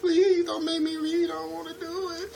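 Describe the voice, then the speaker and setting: Brief: a whiny, begging viewer, very high falsetto, pleading. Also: male voice, little pitch movement, normal speed, creaky, darkish tone, a little hiss or hum. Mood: whining. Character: whiny, pleading viewer who hates reading subtitles.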